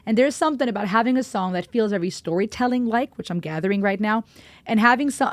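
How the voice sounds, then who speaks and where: A woman's voice: mid-range voice, a little mellow, no echo. Upbeat woman, dry sound. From Germany. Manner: upbeat, chatty and explanatory. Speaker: music reaction host. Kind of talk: music reaction commentary.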